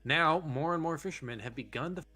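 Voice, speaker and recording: A man's voice: a little high, fairly quick, sharp tone, faint music behind. A man casually commenting on a horror game with a friend, reading its text aloud, swearing and laughing often. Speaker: let's play host.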